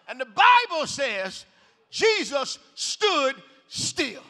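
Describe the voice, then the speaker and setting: A man preaching a shouted revival sermon in a large church, hollering in a rhythmic call-and-response style. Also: very high-pitched, expressive, normal speed. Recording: echoey hall reverb.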